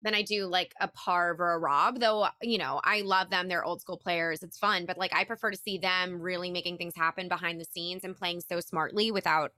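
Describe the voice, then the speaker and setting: A woman's voice: on the low side, steady tone, normal speed, hardly any pauses, sharp tone, no room sound. A young woman co-hosting a podcast in casual chat, thoughtfully weighing both sides and hedging. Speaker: podcast co-host.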